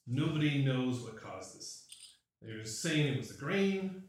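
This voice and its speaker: A man's voice: medium pitch, expressive, a little slow, close to an everyday voice. A man doing a shady tavern informant in a tabletop game, wheedling and evasive, grumbling about the rich. The voice sounds far from the mic in a very echoey room.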